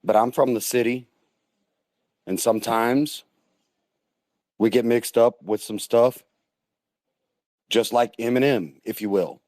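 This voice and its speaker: Rambling, halting male caller. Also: medium pitch, fairly even intonation, a little mellow, no room sound, clean studio sound. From United States. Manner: rambling, halting, repeats himself. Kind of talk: call-in radio talk.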